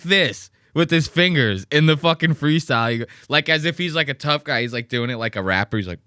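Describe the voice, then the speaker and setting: Podcast guy riffing on clips, crude jokes, crisp dry close mic. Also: on the high side, animated, fairly quick, hardly any pauses, bright, forceful tone, no echo. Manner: joking, profane, rambling. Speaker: podcast host. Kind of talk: casual reaction commentary.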